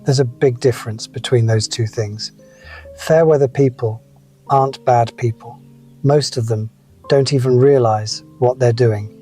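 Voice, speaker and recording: A man's voice: medium pitch, dark tone. A man in his seventies telling wry, reflective personal stories as a scripted motivational talk. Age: 70s. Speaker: motivational speaker.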